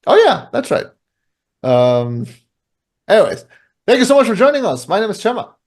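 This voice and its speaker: A man co-hosting a casual podcast, rambling with many fillers and breaking into booming impressions. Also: big pitch swings, moderate pace, a little mellow. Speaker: podcast co-host.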